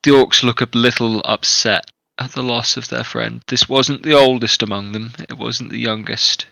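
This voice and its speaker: A man narrating a tabletop game as game master, with measured, descriptive storytelling. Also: mid-range voice, steady tone, vocal fry, pushed and bright, no echo, low-quality recording.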